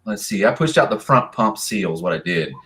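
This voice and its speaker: A man, a drag racer and racing association president, tells stories casually in a live Q&A, rambling and animated. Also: lowish voice, moderate pace. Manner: rambling, animated, voices other people's lines.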